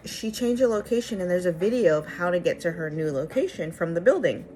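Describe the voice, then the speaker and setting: A woman's voice: fairly low pitch, lively intonation, a little fast, mellow, lightly acted. A woman voicing a polite young woman receptionist who sounds chirpy and helpful.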